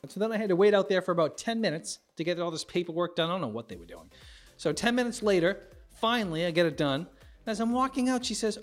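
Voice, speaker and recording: A middle-aged man from the United States delivers an observational stand-up monologue. He jumps into higher voices to play the people in his stories. Faint music sits under him. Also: fast talker. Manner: animated, acts out characters with big pitch jumps. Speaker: stand-up comedian.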